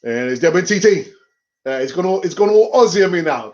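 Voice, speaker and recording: Lively man chatting on a stream. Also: medium pitch, dull audio. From North London. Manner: chatty, laughs often, does quick voices. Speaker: fan channel host. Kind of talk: casual live-stream chat.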